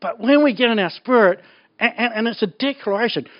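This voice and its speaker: A man preaching a sermon in an animated, joking way, laughing often. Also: very high voice, a little fast. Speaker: pastor. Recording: dull lo-fi recording.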